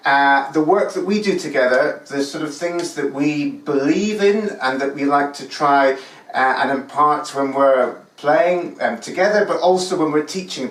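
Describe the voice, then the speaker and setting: A man's voice: fairly high pitch, fairly bright tone. A man, an orchestral musician and course tutor, leads a casual online talk with friendly questions. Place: room in rural France. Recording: roomy, distant mic.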